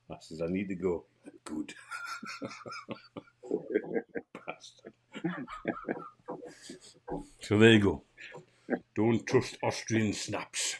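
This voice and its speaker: Husky Geordie man telling a story. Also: fairly low pitch, slow, pauses often. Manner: animated anecdote teller, laughs through the story. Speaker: podcast co-host. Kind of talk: casual chat, storytelling.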